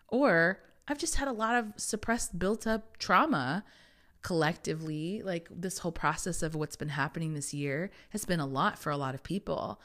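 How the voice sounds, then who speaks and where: Low-pitched woman, podcast host, reflective and candid, playful asides. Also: animated, moderate pace, a bit bright. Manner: candid, conversational, laughs often, acts out inner voices. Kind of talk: reflective spiritual monologue.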